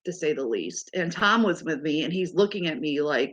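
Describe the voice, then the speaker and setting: A woman's voice: low voice, moderate pace, hardly any pauses, a bit bright. A woman in her fifties talking casually to her audience, telling exasperated stories in a chatty way. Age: 50s. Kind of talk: casual chat to a live audience.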